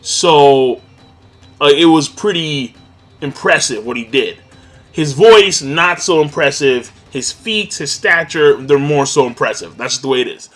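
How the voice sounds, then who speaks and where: A man's voice: fairly high pitch, expressive, a little slow, a bit bright, soft background music. A man giving a casual episode review as an anime vlogger, laid-back and loose, swearing freely as he rambles.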